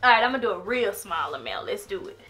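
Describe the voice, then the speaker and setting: A woman's voice: medium pitch, big pitch swings, fast, pushed and bright, faint music behind. A woman talking casually in a home vlog, dramatic and laughing, often crying out that she is scared. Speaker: vlogger.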